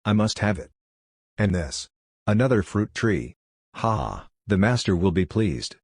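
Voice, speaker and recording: A man's voice: lowish voice, animated, unhurried, a little mellow, slightly rough, dry recording, studio quality, exaggerated voice. A man voicing a smug, greedy male dog with a cocky, self-satisfied manner in an audiobook. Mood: excited. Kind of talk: audiobook character reading.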